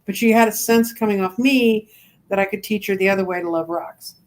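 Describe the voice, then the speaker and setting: An older woman in her seventies chats as a guest on an online show. She tells stories at an even middle pitch and slips into the voices of the people in them. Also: brisk. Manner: chatty, animated storyteller acting out quoted voices. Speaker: guest, crystal reader. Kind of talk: casual storytelling chat.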